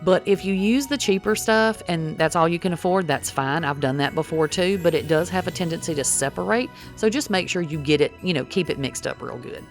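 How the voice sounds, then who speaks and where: A middle-aged woman with a low voice talks viewers through a recipe in a chatty, folksy way, calling them y'all. Faint music plays quietly behind her. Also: a little fast, hardly any pauses. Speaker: cooking vlogger. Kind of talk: casual cooking demonstration.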